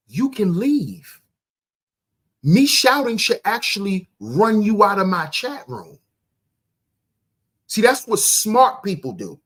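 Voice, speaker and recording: A man hosting a livestream, ranting loudly and crudely at his chat, firing off rhetorical questions and answering them himself. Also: sits high, sing-song, slow, long pauses, husky. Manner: loud, confrontational, profane, often shouting. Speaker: livestream host. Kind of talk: ranting commentary to live chat.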